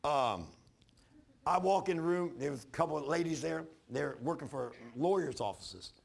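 A man's voice: fairly high pitch, normal speed, gravelly. A man, a pastor preaching in a folksy, storytelling way, acting out the other voices in his stories. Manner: folksy storytelling with animated retold dialogue. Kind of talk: sermon.

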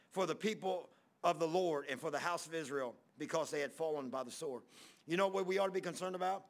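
A man's voice: a little high, creaky, a bit bright. A male pastor telling stories in a folksy, rambling sermon, acting out the people he quotes. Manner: folksy, rambling Southern preacher talk with quoted dialogue. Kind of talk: storytelling sermon.

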